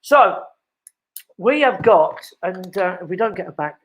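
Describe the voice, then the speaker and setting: Heard on a rough recording, the older man hosting this at-home live show has a high-pitched, animated voice, a bit bright, moving at a measured pace. He chats at length, rambling through many fillers and restarts.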